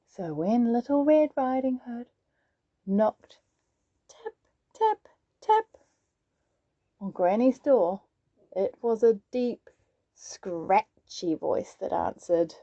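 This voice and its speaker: A woman reads a children's story aloud, slow and sing-song. Her high voice swoops widely. The recording is dry and a little dull. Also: lively intonation, mellow, no echo.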